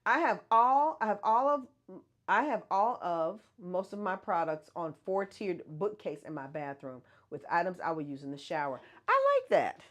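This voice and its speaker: Host, female, low-pitched, chatty livestream delivery. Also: normal speed. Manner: chatty, answers viewer comments, laughs often. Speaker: host of a hair care brand livestream. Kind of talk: casual livestream chat.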